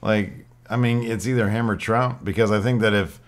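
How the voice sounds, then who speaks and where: A man's voice: on the low side, fairly even intonation, moderate pace. A man co-hosting a podcast, telling rambling stories in a laid-back, casual way. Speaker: podcast co-host. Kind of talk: casual chat.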